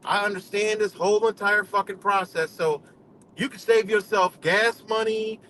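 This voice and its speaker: A man's voice: high voice, fairly even intonation, normal speed, pushed and bright, a little hiss or hum, rough recording. A man hosting a live stream, ranting bluntly with heavy cursing and lots of "you know" fillers, from New York State. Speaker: livestream host. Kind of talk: profane casual rant.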